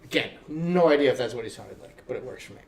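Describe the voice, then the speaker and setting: A man hosting a casual interview show, telling a story in a profane, animated way. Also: mid-range voice, quick pace, echoey room, distant mic. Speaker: host.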